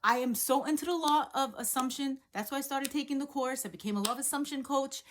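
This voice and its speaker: A woman coach telling a story in a chatty, animated, casual way. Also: high voice, quick pace. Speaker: law of assumption coach.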